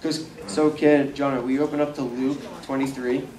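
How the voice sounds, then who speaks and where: A young man leads a casual bible study in a mellow, dark voice, speaking loosely with fillers and acting out quotes. He sounds a bit away from the mic in an echoey room with faint ambience around him. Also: mid-range voice, little pitch movement, moderate pace, far from the mic, a little hiss or hum. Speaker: youth bible teacher.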